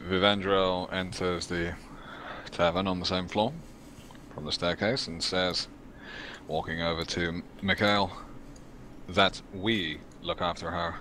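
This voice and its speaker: A man's voice: low voice, little pitch movement, a little slow, sharp tone, slight background noise. A man playing a tabletop role-playing game, dry and teasing in character. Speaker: player. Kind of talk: casual tabletop role-play.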